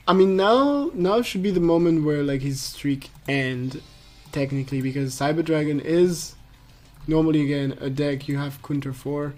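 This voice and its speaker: A man's voice: a little high, dark tone. A man from France whose first language is French, casting a live card game match in English in a chatty, easygoing way with lots of fillers and restarts. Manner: chatty, laughs easily, many fillers and restarts. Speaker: esports caster. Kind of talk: casual live game commentary.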